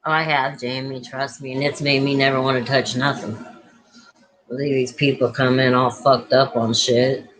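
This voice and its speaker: A woman's voice: extremely low pitch, flat delivery, moderate pace, fairly bright tone, poor audio. A woman who works as a nurse, telling a story bluntly in casual chat, full of swearing and acted-out quotes. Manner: blunt and profane, acting out quoted voices.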